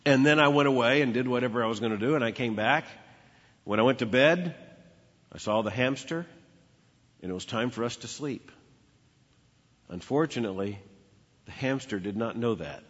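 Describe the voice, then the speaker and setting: A man's voice: mid-range voice, normal speed, long pauses, a bit bright, breathy edge. A man preaching a sermon, telling a childhood story with emphatic repetition. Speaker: pastor. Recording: dull lo-fi with long hall reverb.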